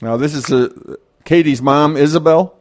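Measured male radio interviewer. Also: fairly high pitch, darkish tone. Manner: measured, reads from notes. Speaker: radio show host.

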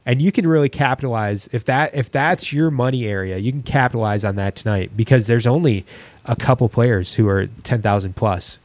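A man's voice: mid-range voice, brisk, a little mellow, no room sound. Rambling man on a sports podcast. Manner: rambling, restarts often. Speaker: podcast co-host. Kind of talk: casual sports podcast chat.

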